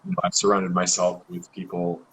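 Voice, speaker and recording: Deep-voiced male coach, calm and reflective. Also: fairly quick, husky, rough recording. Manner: calm, reflective, with many "uh"s and restarts. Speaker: health coach, host. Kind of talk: casual interview chat.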